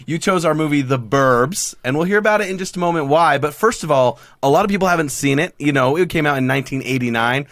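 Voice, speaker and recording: A man's voice: fairly high pitch, fast, hardly any pauses, no echo, clean studio sound. A man hosting a movie podcast, chatting casually and playfully with his co-hosts and a guest. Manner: playful, laughing, animated. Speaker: podcast host.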